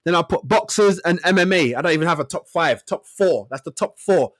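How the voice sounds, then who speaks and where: A man's voice: a little high, expressive, brisk, fairly bright tone. A man co-hosting a sports debate show, laid-back, mostly agreeing with his partner before wrapping up. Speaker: co-host.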